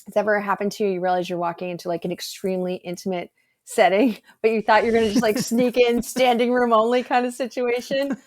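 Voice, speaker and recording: A woman, guest and energy healer, telling a personal story in an animated, earnest way on a video call. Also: medium pitch, quick pace. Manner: animated, earnest, rambling with fillers. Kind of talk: casual storytelling conversation.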